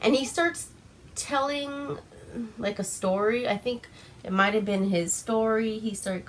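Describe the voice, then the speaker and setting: Giggly tipsy young woman from alaska, drawls slow, swears a lot while recapping a movie. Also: a little high, fairly even intonation, slight background noise. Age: young adult. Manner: giggly, swears freely, loose and chatty. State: tipsy on wine. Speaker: vlogger.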